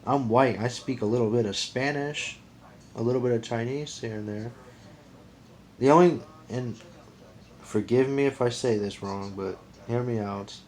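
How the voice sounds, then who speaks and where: A man's voice: mid-range voice, moderate pace, darkish tone. An American man delivering a rambling, repetitive, opinionated monologue to his viewers, often restarting and repeating himself. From United States. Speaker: vlogger. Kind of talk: casual monologue to camera.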